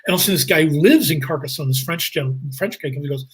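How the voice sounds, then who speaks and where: A man with a slightly husky, fairly high voice, recounting stories in a lively, animated way. He laughs as he talks and swings into other people's voices. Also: very fast, low-quality recording. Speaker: guest actor and comedian. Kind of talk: anecdotal storytelling.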